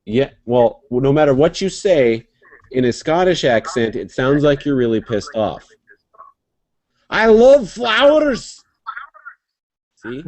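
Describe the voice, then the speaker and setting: A man's voice: medium pitch, moderate pace. A man hosting a casual online talk show over a video call, rambling and joking as he chats. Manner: rambling, jokey, lively. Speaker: web show host. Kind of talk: casual chat.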